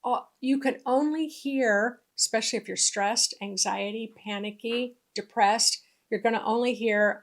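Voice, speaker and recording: Woman giving a relaxed spiritual talk. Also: fairly high pitch, normal speed, few pauses. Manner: conversational, repeats points for emphasis. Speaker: spiritual teacher. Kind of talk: casual spiritual teaching monologue.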